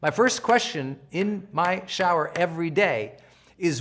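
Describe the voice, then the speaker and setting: A middle-aged man giving a live coaching session, energetic and animated, often acting out the voices of people he quotes. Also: fairly high pitch, unhurried. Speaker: self-help trainer.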